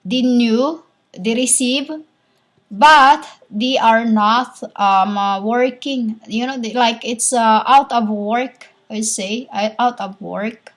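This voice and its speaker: A woman giving a rambling spiritual monologue as a self-styled prophetess, halting, full of pauses and repeated phrases, in an insistent, lecturing tone. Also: a little high.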